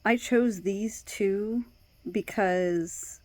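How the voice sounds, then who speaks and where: A woman vlogging in casual personal talk, hesitant, with many pauses, fillers and restarts. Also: mid-range voice, darkish tone, dry recording. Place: outdoors at night by her door.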